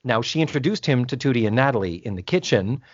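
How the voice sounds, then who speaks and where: A man's voice: mid-range voice, fast, husky, no room sound. Guy on a podcast retelling an episode, doing all the lines, swears a lot, muffled lo-fi sound. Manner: animated, acts out the characters' lines, swears freely. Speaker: podcast co-host. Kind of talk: casual chat recapping a TV episode. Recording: dull lo-fi dry sound.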